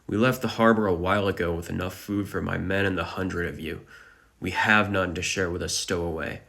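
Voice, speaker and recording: A man's voice: deep voice, fairly even intonation, fairly quick, vocal fry, bright, forceful tone, heavily acted. A man voicing a callous, impatient male ship captain in a manga recap. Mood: scornful.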